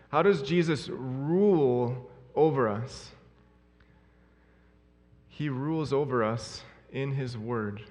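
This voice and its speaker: A man preaching a sermon in an earnest, emphatic way, repeating his key phrases. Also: mid-range voice. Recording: long hall reverb.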